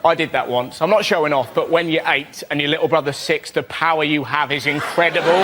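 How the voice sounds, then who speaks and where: A man doing an excitable stand-up routine on a panel show, acting out voices in shrieks. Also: fairly high pitch, brisk, few pauses. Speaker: comedian panelist. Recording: live studio audience with heavy noise.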